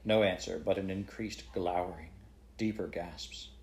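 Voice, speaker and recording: Low-voiced man reading a story aloud. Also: steady tone, measured pace, creaky, darkish tone, a little hiss or hum. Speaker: reading a book aloud to a child.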